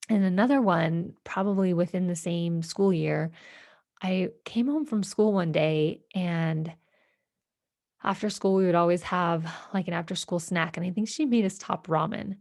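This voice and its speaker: A woman with a low, gravelly voice recounts a personal story, reflective and halting, full of fillers and restarts. The sound is dry and close, with no room echo. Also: darkish tone. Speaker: podcast host.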